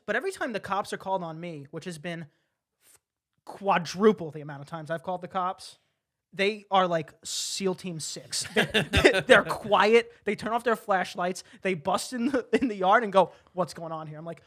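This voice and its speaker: A man's voice: sits high, moderate pace. A young man co-hosting a casual podcast chat, telling stories with lots of laughter and acted-out voices. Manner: animated storyteller, laughs often, acts out voices. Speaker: podcast co-host.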